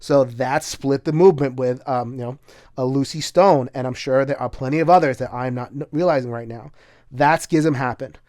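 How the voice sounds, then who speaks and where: A man's voice: medium pitch, moderate pace, a little mellow, dry recording, studio quality. A man casually talking through a solo board game, chatty and full of filler words, bursting into laughter now and then. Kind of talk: casual solo playthrough commentary.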